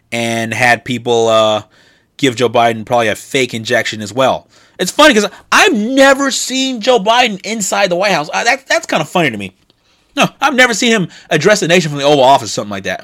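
A man hosting a solo commentary show, ranting and repeating himself as he reads and reacts to news items. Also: mid-range voice. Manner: ranting, repetitive, rising to loud indignant peaks.

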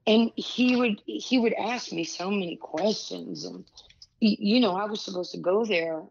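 With a mid-range, slightly rough voice and some vocal fry, a woman in her sixties talks at a moderate clip over lo-fi audio. She's a guest in a candid storytelling conversation, drawing on her years as a pro basketball player and broadcaster. Her delivery is animated, with frequent asides and restarts.

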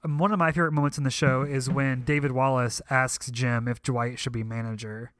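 A man's voice: mid-range voice, steady tone, brisk, fairly bright tone, no room sound, clean studio sound. Young man rambling on a podcast. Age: young adult. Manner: rambling, emotional fan enthusiasm. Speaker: podcast co-host. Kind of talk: casual podcast chat.

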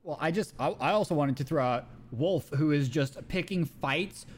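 A man in casual chat, telling stories animatedly and dropping his voice low to act out quotes. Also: normal speed, breathy edge.

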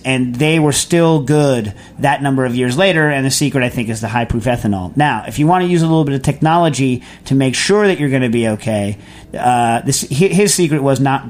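A man's voice: medium pitch, a little mellow. Chatty rambling man hosting a radio show. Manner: rambling, chatty, many fillers and restarts. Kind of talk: casual call-in answering.

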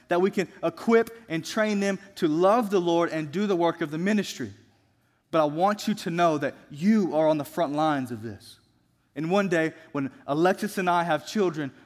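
A young adult man preaching a sermon as a student pastor, earnest and exhorting, slowing down for emphatic phrases. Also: high-pitched, in a large hall.

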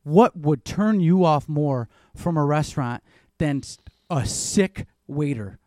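A man's voice: a little high, expressive, slow, mellow, no echo, studio quality. A man telling loose, rambling stories in casual chat, swearing now and then.

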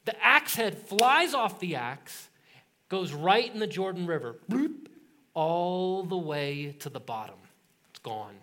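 A man with a rather high voice preaches to his congregation like he is chatting with friends. He tells the story with energy and humor, and now and then he jumps into the voices of the people in it. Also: measured pace. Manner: animated storytelling, acts out voices in quotes; casual, joking tone. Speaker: pastor. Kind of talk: sermon.

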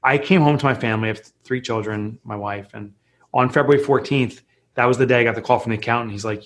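A man in his forties speaks as a podcast guest, candid and earnest. His voice sits at an ordinary middle pitch, and he often restarts his sentences as he tells his story. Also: quick pace, a bit bright. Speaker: guest author. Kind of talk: personal storytelling in a podcast interview.

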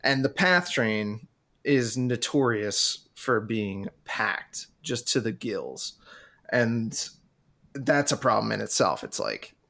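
A man's voice: fairly low pitch, takes it slowly, gravelly. A man, co-hosting a podcast, telling a long story in a casual way and acting out his own panic. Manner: animated, acts out his own panic in a raised voice. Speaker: podcast co-host.

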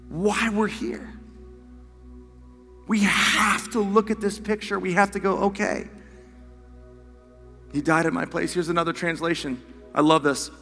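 A man preaching a sermon as pastor, impassioned, moving from hushed words to shouts. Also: fairly high pitch, creaky, long reverb tail. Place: church sanctuary.

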